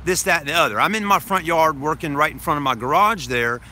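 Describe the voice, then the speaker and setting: A man's voice: fairly high pitch, quick pace, sharp tone, a little hiss or hum. A man telling a story to his live stream viewers in a casual, rambling way, repeating himself, swearing now and then, and addressing them as folks.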